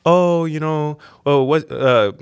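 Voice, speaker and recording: A man's voice: on the high side, takes it slowly, clear, resonant tone, no room sound. A pushy young woman, coaxing and insistent, wheedling a stranger into buying her a drink, as a man retells it in his own lightly raised voice. It stays close to his everyday storytelling sound.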